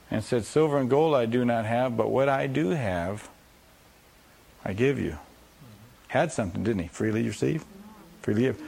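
A man's voice: medium pitch, creaky, darkish tone. A man preaching a sermon, acting out scripture voices and repeating phrases for emphasis.

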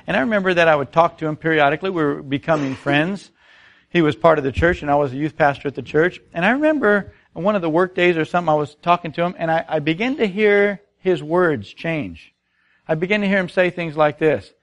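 A man's voice: a little high, lively intonation, a little fast. A middle-aged man preaching a sermon, telling stories and asking the congregation rhetorical questions. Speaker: pastor.

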